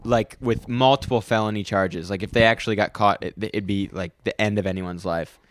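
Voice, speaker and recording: A man's voice: fairly even intonation, brisk. Young man co-hosting a chatty podcast. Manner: jumps into loud high-pitched mock voices. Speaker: podcast co-host. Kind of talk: casual chat. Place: studio.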